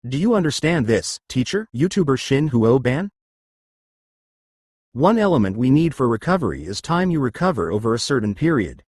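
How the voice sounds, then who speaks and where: A man's voice: medium pitch, big pitch swings, normal speed, a little mellow, breathy edge, no room sound, clean studio sound. A man teaching an exercise lesson, explaining and often checking whether listeners follow. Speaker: exercise instructor.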